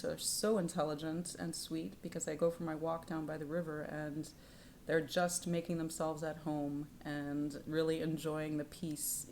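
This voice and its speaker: A woman reading tarot cards in a spiritual vlog, soft-spoken and at times dropping to a whisper, livelier and laughing as she tells stories. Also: deep voice, slight background noise. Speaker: tarot reader. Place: home in Canada.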